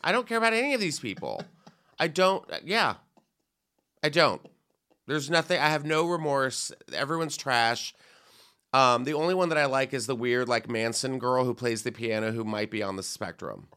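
A man's voice: mid-range voice, moderate pace, sharp tone, clean tone. A man co-hosting a comedy podcast, chatting casually and mocking celebrity gossip, breaking into squealing voices when he quotes people. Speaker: podcast co-host.

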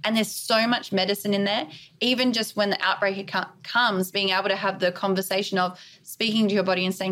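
A woman's voice: mid-range voice, little pitch movement, fairly quick, a bit bright. A woman speaking as a podcast guest, talking earnestly and emphatically in a candid interview, often laying out points as lists. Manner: earnest, emphatic, list-like delivery.

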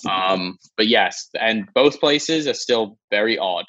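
A man's voice: fairly low pitch, lively intonation, slow pace, fairly bright tone, dull audio. A man chatting as a podcast guest, telling stories in a loose, rambling way. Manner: rambling, loose storytelling with many fillers. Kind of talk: casual chat.

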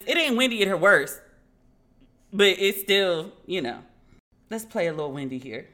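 A woman hosting a podcast in loose, candid chat with a bright, forceful tone. She tells stories with lots of acted-out dialogue and laughter, at an ordinary middle pitch. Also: normal speed. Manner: animated storytelling, acting out quoted dialogue; laughing, candid, swears casually. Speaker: podcast host. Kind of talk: casual commentary chat.

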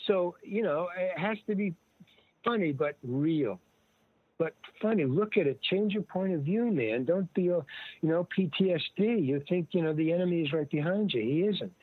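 An older man with a fairly high voice spins loose, digressive stories and drifts from one thought to the next. He slips into the voices of people he quotes. The sound is thin, dry and phone-like, with no room around it. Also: animated, moderate pace, breathy edge, no echo. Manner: rambling, digressive, acts out quoted dialogue. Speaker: guest actor and comedian. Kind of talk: casual conversational storytelling. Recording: tinny dry phone-like line.

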